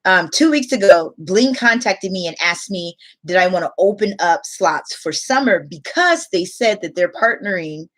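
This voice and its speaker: A woman's voice: lowish voice, expressive, moderate pace, hardly any pauses, fairly bright tone. A young adult woman, an online English teacher, chatting casually on a livestream, reading out viewer comments and laughing often.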